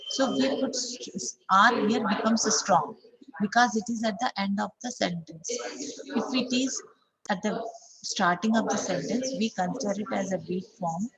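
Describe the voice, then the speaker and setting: A woman's voice: medium pitch, poor audio. A woman teaching an online English class, explaining step by step, often saying 'okay, so' and repeating example sentences aloud.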